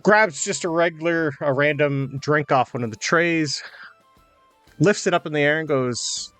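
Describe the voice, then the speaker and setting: A man narrating a tabletop game as game master, casual and halting with many fillers. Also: fairly high pitch, a bit bright, no room sound, soft background music.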